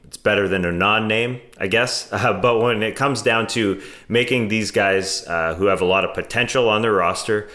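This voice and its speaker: A man's voice: on the low side, normal speed, hardly any pauses, sharp tone. A man on a sports panel, talking basketball in a hesitant way, full of "uh"s and restarts. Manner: hesitant, many fillers and restarts. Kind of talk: casual basketball discussion.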